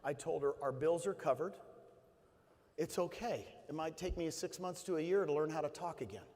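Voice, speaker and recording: A man's voice: a little high, normal speed, darkish tone. A man giving an emotional motivational talk to an audience, telling stories and building to emphatic bursts. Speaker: motivational speaker. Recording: long hall reverb.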